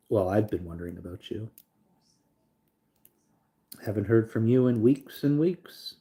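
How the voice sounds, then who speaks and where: A man's voice: lowish voice, animated, measured pace, long pauses, dark tone. A young man talking loosely to his live stream audience, rambling with lots of fillers and reading chat aloud. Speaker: livestream host.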